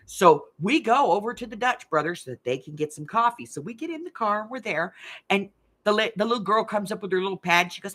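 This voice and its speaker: A woman's voice: mid-range voice, animated, brisk, fairly bright tone. A middle-aged woman, hosting a casual live stream game and telling rambling stories with frequent laughs. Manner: chatty, rambling, laughs often. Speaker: host of a craft channel live game. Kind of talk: casual chat and storytelling. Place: hot room at home.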